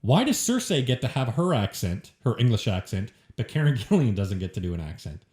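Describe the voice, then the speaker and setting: Animated, profane man in an echoey room. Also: medium pitch, a little fast. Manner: profane, rambling, lively. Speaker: podcast co-host. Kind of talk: casual film review chat. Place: shared room.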